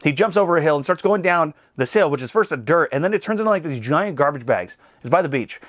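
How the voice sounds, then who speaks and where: A man in his thirties giving a casual, comedic movie recap, animated and rambling. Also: a little high, fast talker, no echo. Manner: animated, rambling, laughs at his own jokes. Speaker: movie reviewer.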